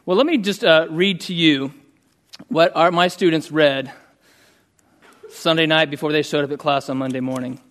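A man's voice: fairly high pitch, normal speed, long pauses, fairly bright tone. Earnest man preaching a sermon. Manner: earnest storytelling with reading aloud. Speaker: pastor.

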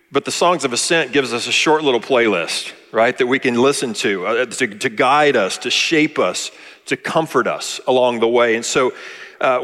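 A man's voice: mid-range voice, a bit bright. Man preaching in a reverberant hall. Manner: conversational, repeats words while thinking aloud. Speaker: pastor. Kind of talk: sermon.

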